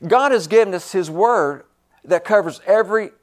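A man preaching a sermon, emphatic and repetitive, swinging between loud stresses and hushed asides. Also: high-pitched, lively intonation, normal speed.

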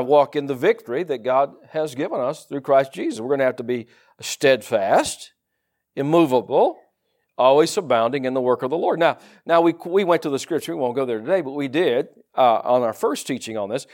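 A man with a Southern US accent preaching a sermon in a folksy, animated way, with laughs and asides. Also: mid-range voice. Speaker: pastor.

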